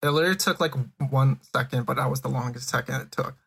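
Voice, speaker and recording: A young man on a podcast in casual chat, telling a story in a hesitant, halting way. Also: medium pitch, gravelly, a bit bright, breathy edge. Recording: noisy mic with clicks.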